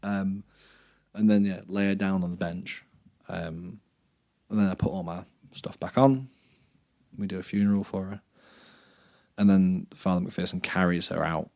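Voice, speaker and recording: A man hosting a podcast, telling a live-action role-play story in casual chat, dropping soft and low for sad scenes and turning loud when he jokes. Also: steady tone, measured pace, pauses often.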